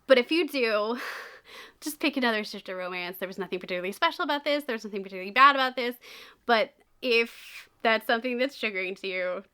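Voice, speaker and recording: A young woman chatting casually about books she has read, animated and often laughing as she talks. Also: on the high side, fast talker, smooth. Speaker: book reviewer. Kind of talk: casual book review chat.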